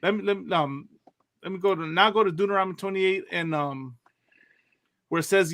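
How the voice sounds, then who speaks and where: A man's voice: high voice, brisk, long pauses, a bit bright, dry recording. A man hosting a casual religious talk show, loose and chatty, often laughing and asking "you know what I mean". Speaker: radio show host.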